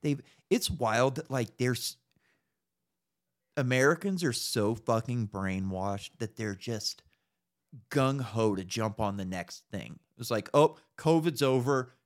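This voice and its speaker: This young podcast host has a lowish voice and a slow pace as he goes on a casual political rant. He's animated and profane, swearing heavily and throwing in mocking impressions.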